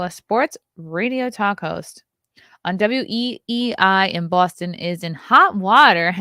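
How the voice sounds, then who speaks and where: A woman's voice: medium pitch, fairly bright tone, no echo, studio quality. A woman hosting a casual morning livestream, chatting and reading headlines aloud with sarcastic asides, sometimes dropping to a whisper. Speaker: host of a morning livestream show.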